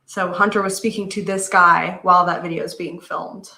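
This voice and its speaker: Female podcast guest, rambly and filler-heavy, bright tone, echoey video call. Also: fairly low pitch, little pitch movement, moderate pace. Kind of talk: casual interview retelling.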